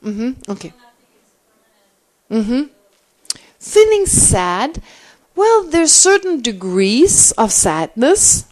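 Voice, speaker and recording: A middle-aged woman, a Buddhist teacher, answering questions in a teaching, thinking aloud with animated restarts. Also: a little high, drawn-out words, pauses often.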